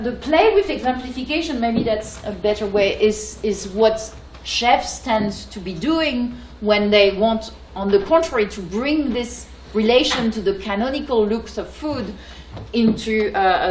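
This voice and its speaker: A woman's voice: a little high, darkish tone, slight background noise. French woman lecturing, hesitant, echoey. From France. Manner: hesitant, many fillers and restarts. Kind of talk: academic lecture.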